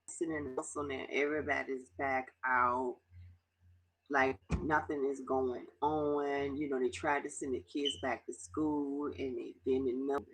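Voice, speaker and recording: A middle-aged woman from Baltimore in an emotional confessional vlog, tearful and halting, sometimes dropping to a near whisper. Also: low-pitched, gravelly, breathy edge, poor audio. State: tearful, fighting back tears. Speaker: vlogger.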